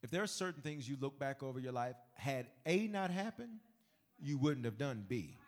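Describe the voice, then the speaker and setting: A male pastor preaching an animated sermon, teasing the congregation and quoting scripture. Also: medium pitch, moderate pace.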